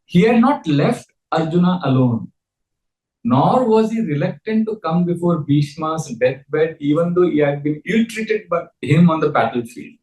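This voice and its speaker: A man's voice: fairly high pitch, lively intonation, measured pace, darkish tone, roomy sound, poor audio. A man giving an earnest scripture lecture and leading the audience in call-and-response chanting. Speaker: spiritual teacher.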